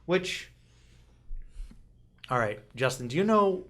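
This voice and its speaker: A man's voice: a little high, big pitch swings, slow, a bit bright. A man co-hosting a podcast in casual chat, rambling and cutting himself off, laughing often. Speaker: podcast co-host.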